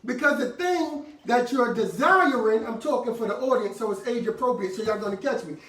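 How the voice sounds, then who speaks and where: A man preaching a sermon to a congregation, in call-and-response style with sudden shouted bursts and casual slangy asides. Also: very high-pitched, brisk. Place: worship room with congregation. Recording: echoey room, mic far off, faint noise.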